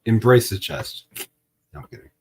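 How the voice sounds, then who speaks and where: A lower-voiced man chats in an easygoing, joking way on a late-night stream. Light background noise and faint clicks sit behind his voice. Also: lively intonation, normal speed. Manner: laid-back, joking, chats to viewers.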